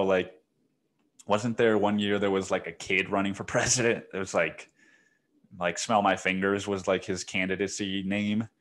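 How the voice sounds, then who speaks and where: A man's voice: fairly low pitch, fairly bright tone. A man hosting his own podcast, talking alone in a loose, rambling way, swearing freely and calling the listener "man" and "dude.". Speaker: podcast host. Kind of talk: casual solo podcast monologue.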